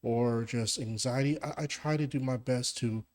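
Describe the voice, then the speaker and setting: A podcast guest, a man with a fairly low voice, tells a personal story. He speaks plainly and earnestly. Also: steady tone, normal speed, darkish tone.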